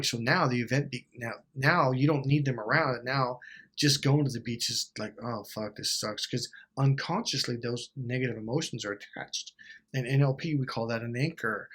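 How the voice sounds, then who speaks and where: Man, husky voice, blunt coaching vlog, emphatic, swears freely, acts out quotes. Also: mid-range voice, a bit bright. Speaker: life coach. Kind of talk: direct-to-camera advice vlog.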